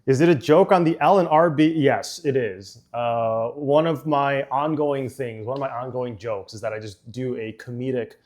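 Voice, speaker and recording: A man chatting casually on a livestream as he builds a model set. He rambles with plenty of fillers and breaks into quick laughs. His voice sits at a middle pitch. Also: darkish tone. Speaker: streamer.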